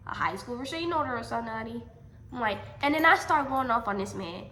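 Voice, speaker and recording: A young adult woman telling a personal story in a storytime vlog, animated and emphatic, often repeating her lines. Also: fairly high pitch, quick pace, soft background music. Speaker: vlogger. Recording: echoey room.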